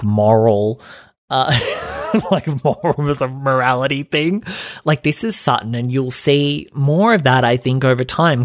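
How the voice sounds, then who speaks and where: A man's voice: medium pitch, dry recording, clean studio sound. A man hosting a podcast, recapping reality TV in casual, profane gossip full of fillers and mocking quotes. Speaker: podcast host.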